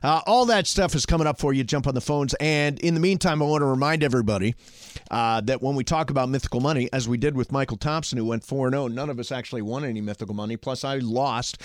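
A man's voice: medium pitch, fast, no echo. A man hosting a sports radio show, bantering casually and reading call-in numbers and ad copy. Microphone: studio mic.

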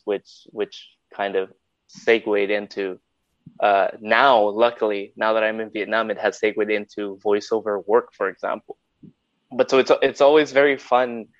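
A man's voice: lowish voice, no room sound. Guy, spanish is his first language, chill joking chat, dry dull-ish sound. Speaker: podcast guest, voiceover artist. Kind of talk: casual chat.

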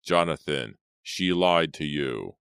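A frightened minister begs and pleads loudly, voiced by a man narrating an audiobook. The voice stays very deep and smooth. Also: expressive, slow pace, no echo, studio quality, full character voice. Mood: pleading. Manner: begging and loud.

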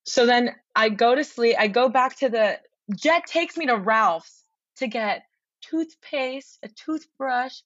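A woman as a podcast guest, telling a long story in a rambling, excitable way with lots of swearing and restarts, over a remote call. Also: a little high, slow, dry recording, highs cut off. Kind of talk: casual storytelling chat.

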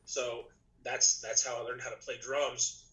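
A man chatting as a podcast guest, telling a long story in a loose, rambling way. He restarts sentences often and leans on fillers. His voice is a little rough today. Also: mid-range voice, level tone, unhurried, sharp tone, poor audio. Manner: rambling, many restarts and "you know". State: slightly rough voice, clearing throat. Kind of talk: casual storytelling chat.

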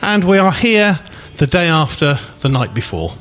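A man's voice: fairly high pitch, moderate pace. Man hosting a football podcast. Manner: animated, rhetorical questioning. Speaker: podcast host. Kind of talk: casual football chat.

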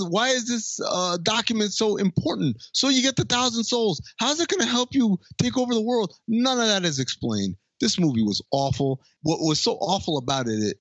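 A man's voice: high voice, a bit bright, no echo, lo-fi sound. A man co-hosting a podcast, exasperated and firing off rhetorical questions in a casual movie review chat. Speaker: podcast co-host.

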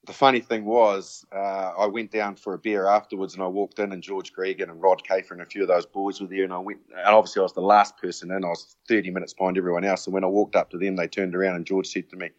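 A man, a former rugby player, telling an animated anecdote and acting out the dialogue. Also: deep voice, fast talker, hardly any pauses, no echo, dull audio. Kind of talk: casual anecdote.

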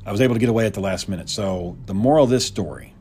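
A man's voice: fairly low pitch, racing, dark tone, faint music behind. A man casually telling a personal story in a loose, profane way, often repeating words.

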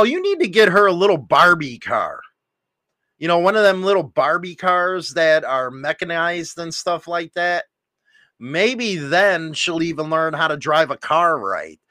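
Middle-aged man, slow deliberate talk, high voice, blunt and opinionated, livestream chat. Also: no room sound, studio quality. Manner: blunt, opinionated, rising to loud rants. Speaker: livestream host. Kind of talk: casual livestream chat reading comments.

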